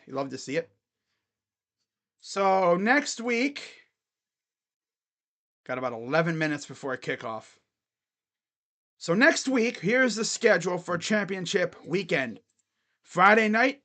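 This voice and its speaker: A man's voice: high-pitched, fairly bright tone. A man streaming casual college football chat, thinking aloud and rambling with fillers and restarts. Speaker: sports streamer.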